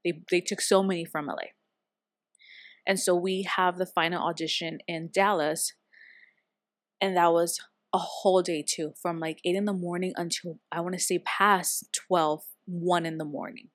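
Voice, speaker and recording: A woman's voice: fairly low pitch, moderate pace, no echo. Woman guest telling stories, dry sound. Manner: lively, acts out quoted dialogue in her stories. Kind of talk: casual conversational storytelling.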